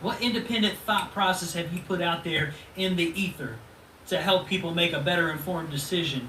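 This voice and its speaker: A man's voice: fairly high pitch, normal speed, loud music behind the voice. A man in his thirties ranting at a rival in a profane, taunting video reply, laughing mockingly at him. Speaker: channel host. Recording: roomy echo, distant mic, faint noise.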